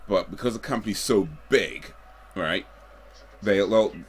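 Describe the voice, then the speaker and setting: A young man with a notably low, deep voice talks casually on a live stream. His delivery is relaxed and rambling, with easy chuckles and loose trailing sentences. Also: a little slow. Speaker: livestreamer. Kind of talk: casual live watch-along chat.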